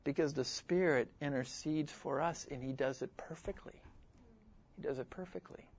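Earnest male preacher, high voice, drops to a hush for emphasis; dry, slightly muffled sound. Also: no room sound. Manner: earnest, repeats key phrases, swings from loud emphasis to hushed asides. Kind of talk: expository sermon.

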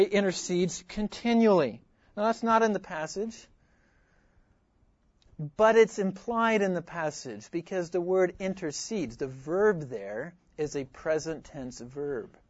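A man preaching an expository sermon, earnest, repeating key phrases and moving between loud emphasis and hushed asides. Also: high voice, dry recording, highs cut off.

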